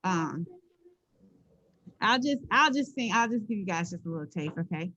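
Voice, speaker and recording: A woman's voice: mid-range voice, lively intonation, moderate pace, pushed and bright. Chatty woman physics teacher, muffled audio. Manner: chatty, playful, checks in with frequent "okay?". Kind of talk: classroom lecture.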